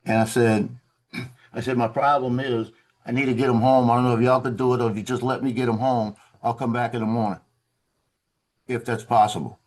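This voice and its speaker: A man talks over a video call. He tells a story in a relaxed, conversational way. He slips into the voices of the officers he quotes. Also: medium pitch, fairly quick. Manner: animated, acts out quoted officers. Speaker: former Marine telling a story.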